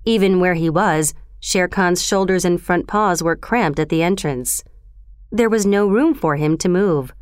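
A woman narrating a storybook in a steady, expressive reading voice. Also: lowish voice, a little slow, smooth, no room sound, clean studio sound.

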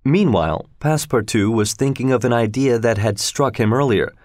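A man's voice: mid-range voice, dry recording. Man narrating a story, dry and close. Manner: steady, measured storytelling. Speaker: audiobook narrator. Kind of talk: scripted narration of a classic adventure story.

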